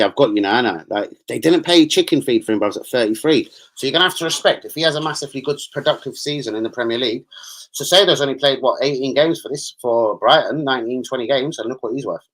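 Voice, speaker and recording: Slangy football streamer. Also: male voice, mid-range voice, a bit bright. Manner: slangy, chatty, swears, trails off. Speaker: football livestream host. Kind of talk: casual livestream chat.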